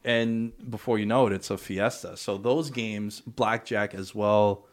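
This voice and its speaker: A man's voice: fairly low pitch, fairly even intonation, a little slow. A young man hosting a podcast, telling casual stories with laid-back slang. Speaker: podcast host. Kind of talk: casual chat.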